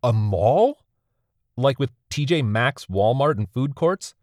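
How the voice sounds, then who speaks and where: A man's voice: mid-range voice, lively intonation, slow pace, a little mellow, no room sound, studio quality. A man voicing a bewildered, newly dead man who fires off incredulous questions. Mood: baffled.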